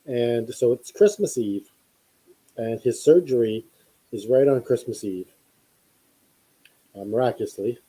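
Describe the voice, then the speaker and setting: A man's voice: mid-range voice, unhurried, pauses often, warm tone, breathy edge, poor audio. A man hosting a podcast, telling a long story in a casual, rambling way with many fillers and restarts. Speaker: podcast host.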